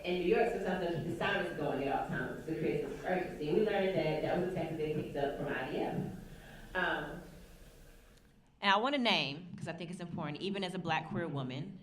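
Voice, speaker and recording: A woman's voice: low voice, a little fast, recorded from a distance. A woman speaking on a panel to an audience, earnest and emphatic, asking rhetorical questions. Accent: Southern American, put on only at moments. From United States. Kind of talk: public talk to an audience. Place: lecture room at a university. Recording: roomy hall with faint ambient noise.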